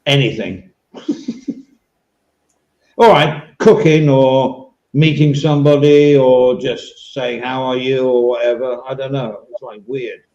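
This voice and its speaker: A man's voice: medium pitch, steady tone, takes it slowly, darkish tone, reverberant, lo-fi sound. An English man hosting a casual podcast chat, rambling and swearing now and then. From England. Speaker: podcast host.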